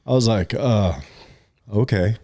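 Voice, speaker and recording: A man's voice: lowish voice, slow pace, warm tone, dry recording, studio quality. A middle-aged man telling a personal story in casual podcast chat, rambling with many fillers and restarts, sometimes choked up. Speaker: podcast co-host.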